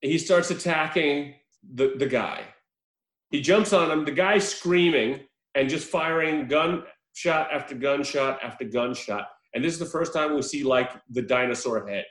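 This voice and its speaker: A man hosting a casual podcast chat, telling a story in an animated way, laughing often and swearing freely. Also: fairly high pitch, unhurried. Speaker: podcast host reviewing a film. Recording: roomy echo.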